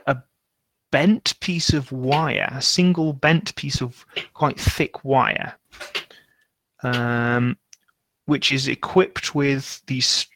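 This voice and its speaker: Game master, male, slow and gravelly, dry close sound, unhurried narration. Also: on the high side, a bit bright, dry recording. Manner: unhurried, searching for words.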